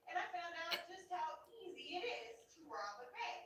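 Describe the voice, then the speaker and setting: A woman doing a stand-up comedy set on stage, telling a story in a lively way. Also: very high-pitched, moderate pace. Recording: echoey hall from far off, faint noise.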